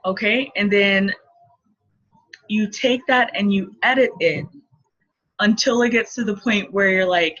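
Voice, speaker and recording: A woman's voice: medium pitch, slow, pauses often, fairly bright tone. A woman in her thirties, a marketing coach, teaching casually and playfully while laughing often. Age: 30s. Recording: dull lo-fi recording.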